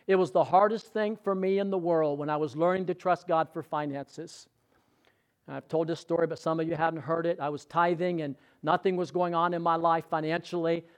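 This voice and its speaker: A male pastor delivers a sermon in a conversational, storytelling style, often putting questions to the congregation. His voice is a little high.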